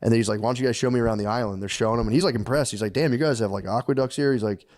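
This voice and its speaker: A man co-hosting a comedy podcast, spinning a rambling, profane history tale. His voice sits at an ordinary middle pitch, and he keeps slipping into quick character voices. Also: a little mellow. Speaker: podcast co-host. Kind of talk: casual comedic storytelling.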